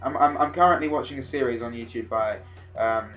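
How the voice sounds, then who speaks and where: A teenage man rambling excitably in a casual vlog, with sudden loud outbursts. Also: mid-range voice, brisk, lo-fi sound, faint music behind. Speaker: vlogger.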